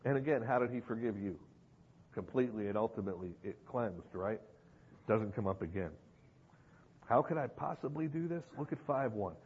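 This sermon comes through as a dull lo-fi recording with slight background noise, made in an echoing church hall with a congregation present. The man's voice is lowish and animated at a moderate pace, and he preaches emphatically, repeating phrases and asking rhetorical questions.

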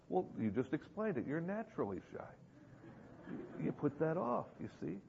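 Gravelly-voiced preacher in an echoing hall. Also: male voice, a little high, big pitch swings, moderate pace, darkish tone, slight background noise. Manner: emphatic, repeats phrases, asks rhetorical questions. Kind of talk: sermon. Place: church hall with an audience. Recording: dull lo-fi recording in a reverberant hall.

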